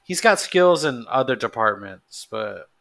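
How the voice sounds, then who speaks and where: Male podcast co-host, bright tone, eager fan chatter. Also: mid-range voice, sing-song, a little slow, creaky. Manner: enthusiastic, repeats that he loves things. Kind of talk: casual chat.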